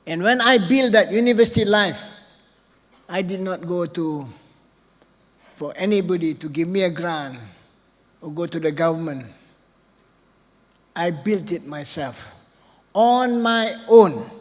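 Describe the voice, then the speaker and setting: Speaking a little slowly and pausing often, an older man with a fairly high voice gives a spontaneous keynote address in a large hall, the sound trailing in long reverb. He chats loosely and repeatedly asks listeners "right?"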